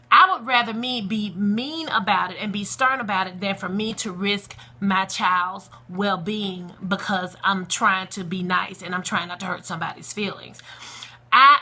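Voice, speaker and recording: Emphatic, bright-voiced woman giving blunt advice. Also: medium pitch. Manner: emphatic, preachy, outspoken with vernacular asides. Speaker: parenting blogger. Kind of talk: casual direct-to-camera advice.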